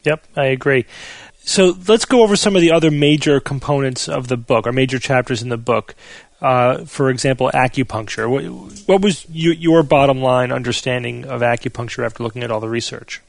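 Gravelly man hosting an interview. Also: medium pitch, brisk, dry recording. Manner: brief, agreeing, leads the talk. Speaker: interviewer host. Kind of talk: interview questions.

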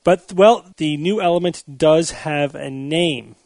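A man hosting a podcast panel, brisk and joking as he moves through news items. His voice sits fairly high for a man. The sound is dry and close. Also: darkish tone, no echo. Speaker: podcast host. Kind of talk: casual panel chat.

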